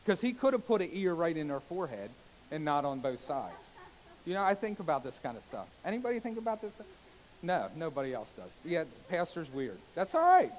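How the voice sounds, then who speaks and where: A man preaching a sermon as a pastor, swinging between loud exclamations and hushed soft passages, with calls of amen and hallelujah. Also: on the high side, sing-song, a little fast, slight background noise, low-quality recording. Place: church sanctuary.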